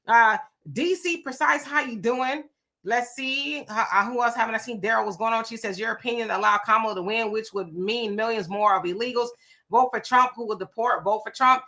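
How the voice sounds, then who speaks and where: A woman's voice: a little high, bright, forceful tone. A woman hosting a casual live stream, greeting viewers one by one and reading their comments aloud in loose vernacular talk.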